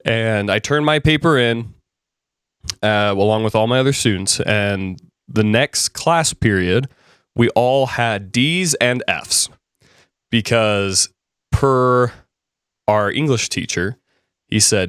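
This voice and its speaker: A man's voice: fairly low pitch, takes it slowly, fairly bright tone, smooth, no echo. Male instructor, casual lecture, chatty storyteller, resonant and dry close sound. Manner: storytelling, conversational, many fillers and restarts. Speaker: business presenting instructor. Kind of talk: casual classroom lecture with anecdotes.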